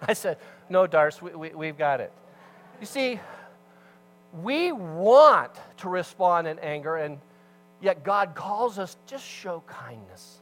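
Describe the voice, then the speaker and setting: A man preaching a sermon as pastor, telling a story with animated swings between loud emphasis and hushed asides. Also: mid-range voice, slight background noise, low-quality recording.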